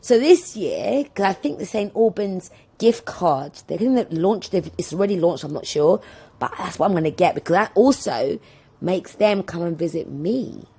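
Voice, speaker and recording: Chatty, husky woman rambling. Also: lowish voice, expressive, moderate pace, mellow. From London. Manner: chatty, rambling, digressive storytelling. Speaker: podcast host. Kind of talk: casual solo podcast chat.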